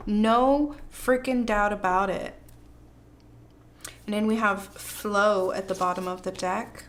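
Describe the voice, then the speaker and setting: A woman gives a pick-a-card tarot reading at an unhurried pace. She gushes and hypes the listener up in slangy, effusive talk, often breaking into laughter. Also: medium pitch, fairly even intonation. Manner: gushing, hyping, laughs often. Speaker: tarot reader.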